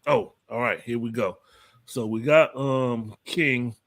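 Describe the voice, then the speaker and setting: An animated man hosts a casual talk show and drives his points home with emphasis. His voice sits in the middle range. It sounds close and dry, with no room around it. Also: slow, no echo. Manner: animated, emphatic, pushes pitch up on quotes. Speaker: podcast host. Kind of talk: casual chat.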